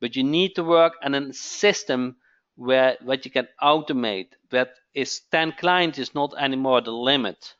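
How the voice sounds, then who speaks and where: A man hosting a live webinar sales pitch, who keeps asking "okay?" and repeats his phrases. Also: a little slow, fairly bright tone, highs cut off. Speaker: webinar host.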